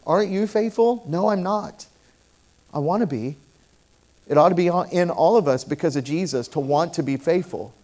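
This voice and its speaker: A middle-aged male pastor delivering a sermon in a fairly high voice. He moves from soft, confiding passages to loud, emphatic declarations. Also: moderate pace, long pauses. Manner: impassioned, swings from quiet to loud emphatic.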